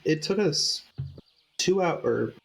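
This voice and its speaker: A man's voice: on the high side, expressive, slow, gravelly, soft background music, poor audio. A man playing in a tabletop game, chatting casually and joking at the table. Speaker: player.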